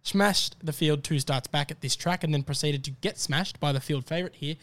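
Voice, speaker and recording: A man's voice: a little high, brisk, fairly bright tone. A man with an Australian accent co-hosting a podcast, giving confident, upbeat horse racing tips in casual banter. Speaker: podcast co-host tipping races.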